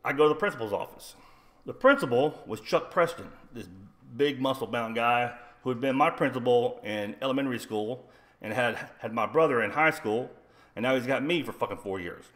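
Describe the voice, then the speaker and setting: A retired man rants bluntly on a livestream, swearing constantly as he wanders from one point to the next. His voice sits at an ordinary middle pitch for a man, and his delivery is combative and rough-edged. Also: a little fast, a bit bright. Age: older. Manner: blunt, rambling, heavy swearing. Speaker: livestream host. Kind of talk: profane storytelling rant.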